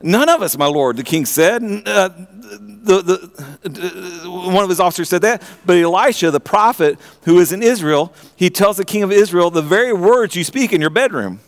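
A man with a high voice delivers a sermon as a preacher. He tells the story with animation, often stumbling and repeating the start of his phrases. He keeps turning to ask his listeners direct questions. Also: moderate pace. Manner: asks the audience direct questions.

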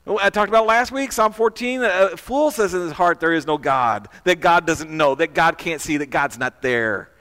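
A man's voice: high-pitched, normal speed, few pauses, sharp tone, long reverb tail. A man preaching a sermon in a conversational way, often asking the listeners questions and repeating words as he goes. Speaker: pastor.

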